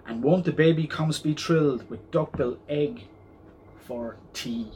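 A man's voice: fairly high pitch, unhurried, a little mellow, a little hiss or hum, natural voice. A man voicing a small, sneaky female dinosaur from a storybook, murmuring smugly to herself. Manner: murmuring, smug.

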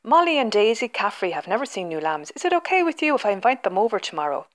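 A woman reading the part of a caring, gently firm farm mother in a children's storybook. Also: medium pitch, big pitch swings, fast talker, natural voice. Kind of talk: storybook read-aloud.

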